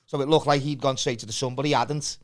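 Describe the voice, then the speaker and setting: A man chatting casually on a podcast, swearing and reacting quickly. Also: mid-range voice, fairly even intonation. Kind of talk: casual chat.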